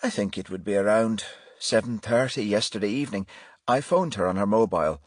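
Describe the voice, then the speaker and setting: A man voicing a middle-aged male pastor with a soft Irish brogue and a solemn, gentle manner. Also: lowish voice, animated, fairly quick, no echo, clean studio sound. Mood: gently solemn.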